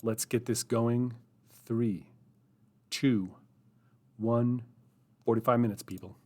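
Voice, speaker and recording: A man's voice: mid-range voice, steady tone, slow pace, darkish tone. A man hosting a live writing session, chatting casually and thinking aloud as he types, rambling and self-deprecating. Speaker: writing group host. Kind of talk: casual live-stream chat while writing.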